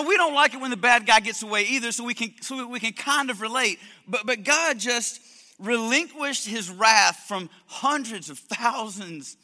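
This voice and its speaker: A man delivers a sermon in an emphatic, animated manner, often repeating words as he drives points home. His voice is unusually high and very bright. A long hall reverb surrounds him. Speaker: preacher.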